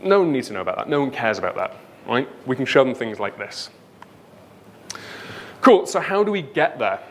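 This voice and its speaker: Chatty Northern English man giving a conference talk. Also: medium pitch. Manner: lively, chatty, leans on "right?" and "um". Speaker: conference speaker. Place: conference stage before an audience.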